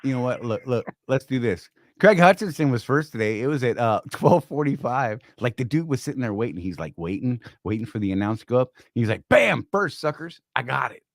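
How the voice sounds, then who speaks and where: A man's voice: medium pitch, expressive, fairly quick, few pauses, darkish tone, no echo, studio quality. A man in his fifties hosting a casual live-stream chat, joking and rambling as he mocks himself. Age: 50s. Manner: joking, rambling, self-mocking. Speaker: podcast host.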